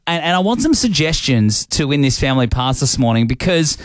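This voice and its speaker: A man's voice: on the high side, very animated, fairly quick, no echo. An Australian man hosting a breakfast radio show, chatty and upbeat with playful asides, on a studio microphone. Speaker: radio host.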